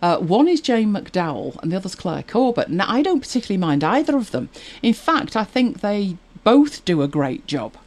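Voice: mid-range voice, big pitch swings, normal speed, hardly any pauses, darkish tone. A podcast co-host chatting casually, rambling along with many fillers and restarts. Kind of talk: casual chat about audiobooks.

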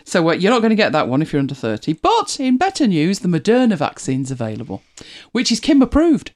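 Host, casual chat to viewers, animated pitch, chatty and self-correcting. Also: a little fast. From United Kingdom. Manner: chatty, rambling, self-correcting, laughs often. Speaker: livestream host.

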